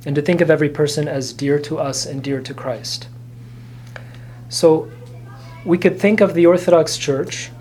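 A man giving an earnest, informal teaching talk as an Orthodox Christian, speaking in short, gentle phrases. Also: on the high side, a little hiss or hum.

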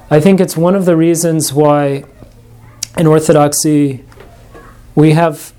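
A man's voice: a little high, dark tone. A man giving a classroom lecture to a small group, thinking aloud with frequent restarts and asides. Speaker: religion class teacher.

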